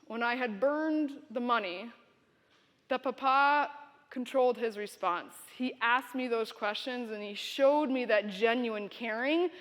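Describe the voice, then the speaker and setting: Woman, keynote speaker, animated storytelling, high voice, echoing hall. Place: conference hall. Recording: reverberant hall.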